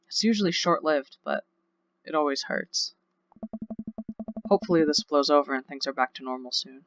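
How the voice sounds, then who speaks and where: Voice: mid-range voice, fairly bright tone, dull audio, slight background noise. A let's play host reading a dating game's text aloud, breaking off into rambling, chatty asides. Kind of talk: reading game text aloud with casual commentary.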